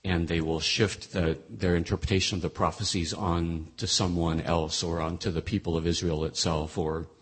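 A man's voice: low voice, little pitch movement, moderate pace, hardly any pauses, slightly rough. A man teaching through Bible passages, reading scripture aloud and then explaining it, with frequent restarts.

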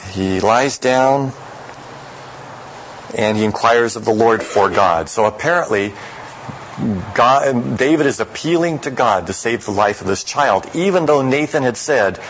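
A man preaching a sermon who reads scripture aloud and then explains it in a measured, reflective way. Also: medium pitch, expressive, fairly bright tone, a little hiss or hum, low-quality recording.

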